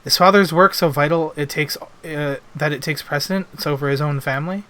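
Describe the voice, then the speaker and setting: A man's voice: fairly high pitch, pushed and bright, pitched below the performer's own voice. A man voicing an earnest young nobleman from a video game, reading his polite, formal lines aloud on stream. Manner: polite, measured formal speech.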